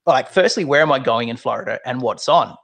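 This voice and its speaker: Australian guest in his thirties, gravelly, animated and chatty. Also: mid-range voice, fairly quick. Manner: animated, acts out quoted voices. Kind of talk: casual storytelling chat.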